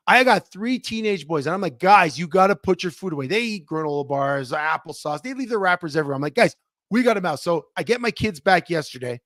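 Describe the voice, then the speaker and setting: A man co-hosting a casual podcast, with a slightly high voice. He rambles and restarts as he tells a story. The sound is close and dry, with no room in it. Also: no echo. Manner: animated, rambling, self-interrupting. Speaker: podcast co-host.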